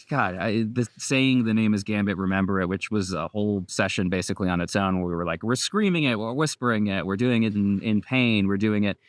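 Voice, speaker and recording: A man's voice: fairly low pitch, no room sound, studio quality. Laid-back man rambling in an interview. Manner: relaxed, rambling, laughs often. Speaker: voice actor guest. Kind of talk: casual interview chat.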